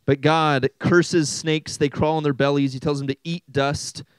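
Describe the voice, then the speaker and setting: A young man preaching to a high school group, animated and jokey, often asking the room questions. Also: normal speed, clear, resonant tone, dry recording, low-quality recording. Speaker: youth pastor. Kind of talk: sermon.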